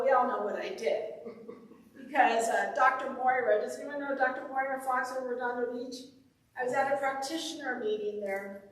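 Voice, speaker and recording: A woman's voice: high-pitched, fairly bright tone. A woman minister giving a conversational, upbeat sermon full of personal stories. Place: church sanctuary. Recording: echoey hall, voice from far off.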